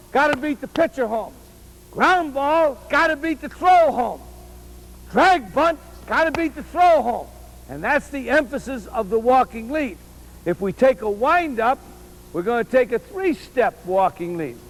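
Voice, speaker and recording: A man's voice: very high voice, low-quality recording. A man coaching baseball on a field, demonstrating drills with emphatic, repeated key phrases, from an old VHS tape. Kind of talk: instructional demonstration.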